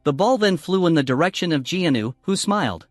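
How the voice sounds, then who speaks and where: A man's voice: fairly high pitch, expressive, brisk, dry recording, studio quality. A man narrating a comic-book recap story, reading every character in one voice. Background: faint background music.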